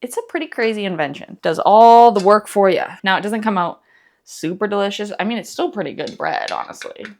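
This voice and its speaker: A woman's voice: mid-range voice, animated, fairly quick, a little mellow. A woman vlogging casually in her home kitchen, goofy and rambling as she jokes through a recipe. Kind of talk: casual cooking vlog.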